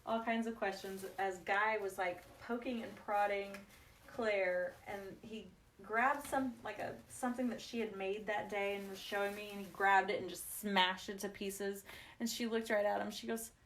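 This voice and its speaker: A woman's voice: mid-range voice, steady tone, normal speed, a bit bright, slight background noise. A woman talks to her viewers during a live craft session. She is chatty and affectionate, telling family stories and laughing through them. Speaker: craft livestream host. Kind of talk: casual craft livestream chat.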